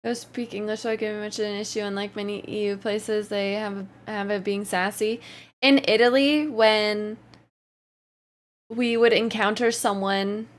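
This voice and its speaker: A woman's voice: medium pitch, fairly even intonation, measured pace. A woman livestreamer chatting casually, reading out and answering her chat while often laughing. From Canada.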